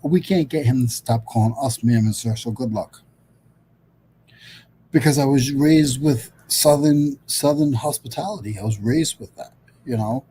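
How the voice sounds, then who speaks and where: A man's voice: medium pitch, unhurried, dark tone, a little hiss or hum, low-quality recording. A middle-aged man from Rhode Island hosting a casual livestream chat over a video call, rambling with lots of fillers and restarts. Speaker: host.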